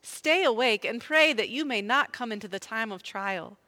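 A woman reading scripture aloud, clear and earnest, in a group reading. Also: fairly high pitch, animated, moderate pace, sharp tone. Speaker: scripture reader.

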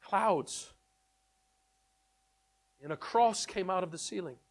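A man telling his testimony in an animated storytelling way, excitable and repeating words in quick bursts. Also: high-pitched. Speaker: speaker sharing his testimony.

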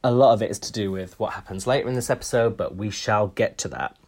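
A man's voice: lowish voice, fast talker, a little mellow. Guy cohosting a podcast, wry and chatty, lots of ums. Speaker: podcast co-host. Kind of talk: casual chat.

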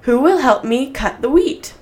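Woman doing a little red hen from a storybook, patient and hardworking, asks in a bright lifted voice. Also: sits high, expressive, measured pace, voice pushed up. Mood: asking.

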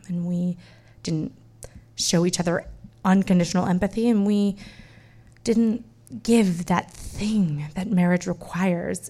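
A woman telling a first-person personal story in a wry, self-mocking way, swinging from loud to hushed. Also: lowish voice.

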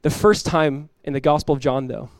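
Animated preaching man with a dry sound. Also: a little high, moderate pace, no echo. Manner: animated preaching, acts out quoted voices, laughs. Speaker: pastor. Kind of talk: sermon. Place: church.

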